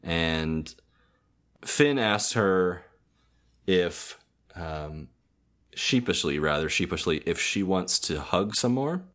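A man with a very deep voice recaps a cartoon episode on a podcast. He rambles a little, stops on ums and fixes his own words mid-sentence. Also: animated, takes it slowly, long pauses, fairly bright tone. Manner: rambling, hesitant, with frequent ums and self-corrections. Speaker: podcast co-host.

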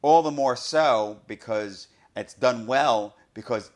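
A man hosting a podcast, talking through a film review in an excited, casual way, often saying "you know". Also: medium pitch, takes it slowly. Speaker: podcast host.

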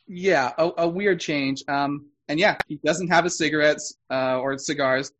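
A man's voice: a little high, measured pace, fairly bright tone. Man explaining things in casual podcast chat. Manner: explanatory, self-correcting, knowledgeable fan. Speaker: podcast co-host.

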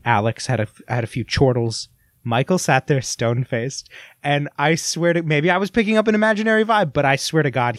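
A man's voice: mid-range voice, no room sound. A young man co-hosting a podcast in casual chat, rambling and self-deprecating. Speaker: podcast co-host.

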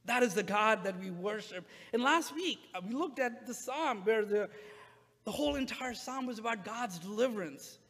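High-voiced male pastor in a reverberant church. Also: lively intonation, moderate pace, a bit bright. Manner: conversational preaching with many "uh" fillers. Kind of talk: sermon.

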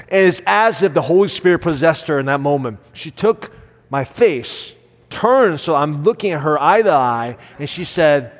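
A man's voice: fairly high pitch, animated, moderate pace. Earnest man preaching in a reverberant hall. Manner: earnest, swings between loud emphasis and soft acted quotes. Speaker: pastor. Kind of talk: sermon.

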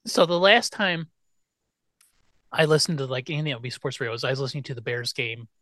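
A man's voice: mid-range voice, expressive, brisk, a bit bright, no echo, studio quality. A man co-hosting a casual sports podcast, talking in a wry, exasperated way that often trails off. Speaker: podcast co-host.

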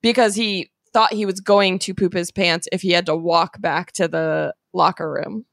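A woman's voice: on the low side, steady tone, moderate pace, gravelly, no room sound, clean studio sound. Woman co-host reading sports headlines. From Chicago area. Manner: reads news items dryly, laughs between them. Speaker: podcast co-host. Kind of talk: casual podcast chat and headline reading.

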